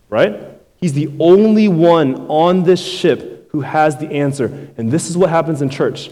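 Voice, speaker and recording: A man's voice: on the high side, dark tone. Guy preaching a sermon, super conversational, keeps asking his crowd "right?", long hall echo. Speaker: pastor.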